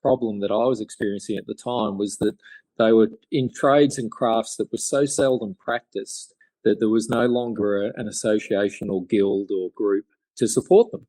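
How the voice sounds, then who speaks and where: Low-voiced Australian man telling stories. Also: fairly even intonation, normal speed, dark tone, dry recording. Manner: rambling, many fillers and restarts. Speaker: guest chairmaker. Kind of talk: podcast interview storytelling.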